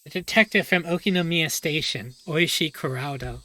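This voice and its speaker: A woman streamer reads a visual novel aloud, breaking off for joking asides. Her voice is bright and clear. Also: deep voice, moderate pace. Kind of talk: reading aloud with chatty asides.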